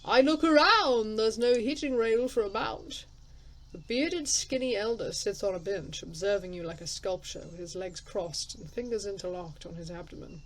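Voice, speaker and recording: A woman's voice: mid-range voice, moderate pace, poor audio. Chatty woman playing a story game. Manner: chatty, thinks aloud, laughs at herself. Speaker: let's player. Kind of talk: casual gameplay commentary and reading game text aloud.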